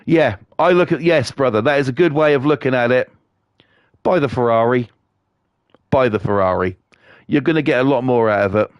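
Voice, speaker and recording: A man's voice: medium pitch, quick pace, clean tone, no echo, dull audio. Blunt, foul-mouthed British man ranting. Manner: profane, blunt, scornful. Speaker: livestreamer. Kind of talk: ranting stream chat.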